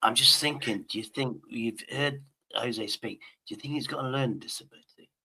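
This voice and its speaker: A man's voice: medium pitch, brisk, gravelly, bright, forceful tone, breathy edge. A man hosting a casual chat, rambling with frequent restarts and swearing. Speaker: host.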